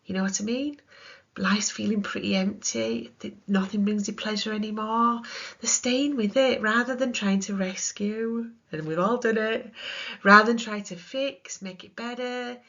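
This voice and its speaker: A woman's voice: mid-range voice, steady tone, moderate pace, fairly bright tone. A British woman, a counselling trainer, giving a chatty recorded lesson full of examples. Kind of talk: recorded teaching talk. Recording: dull lo-fi sound.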